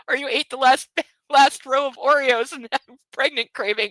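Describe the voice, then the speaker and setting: A woman's voice: sits high, unhurried, bright, forceful tone, no room sound, low-quality recording. A woman hosting a book club, reading a novel aloud and breaking off with mocking, laughing commentary. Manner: mocking asides between read passages; laughs often.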